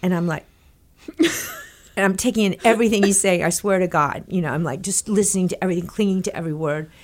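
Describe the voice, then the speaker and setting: A middle-aged woman from Texas tells a long story as an interview guest, her voice sitting on the low side. She talks in animated, tumbling bursts and slips into the voices of the people she quotes. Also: fairly quick. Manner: animated, breathless anecdote-telling with quoted dialogue. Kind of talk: conversational storytelling.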